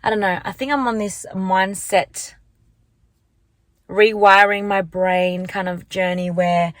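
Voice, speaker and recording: A woman's voice: mid-range voice, steady tone, takes it slowly, no room sound. Chatty young woman rambling in a car. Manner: rambling, chatty, lots of likes and restarts. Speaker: vlogger. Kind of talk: casual chat to camera. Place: parked car. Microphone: handheld phone.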